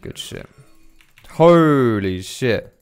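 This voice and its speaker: A young man giving casual, swearing gameplay commentary, chatty and quick to laugh. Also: medium pitch, sing-song, gravelly, clear, resonant tone, faint music behind. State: out of breath. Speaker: gaming commentator.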